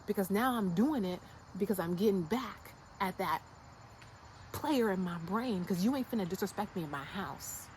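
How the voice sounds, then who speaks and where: A woman's voice: medium pitch, slight background noise, low-quality recording. An American woman giving a casual, emphatic motivational rant to her channel, blunt and slangy, hammering her points through repetition. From United States. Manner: fired-up and insistent. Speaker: YouTube creator.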